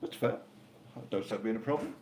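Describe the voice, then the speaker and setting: Older man, low pitch, deadpan co-host, echoey home setup. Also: fast. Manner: dry, teasing banter. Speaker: co-host of live stream. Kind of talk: casual live stream chat. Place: home in Spain. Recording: roomy with faint noise.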